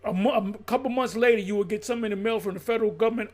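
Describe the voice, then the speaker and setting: Gravelly high-voiced blunt preaching man. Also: fairly quick, a little mellow. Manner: blunt, profane, reads aloud and riffs. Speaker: religious teacher. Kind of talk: profane preaching commentary.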